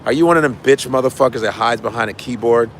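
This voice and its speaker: A man's voice: mid-range voice, quick pace, a little hiss or hum. A man hosting his own livestream as a comedian, chatting loosely with viewers, swearing and repeating lines for emphasis. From United States. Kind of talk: casual chat with viewers.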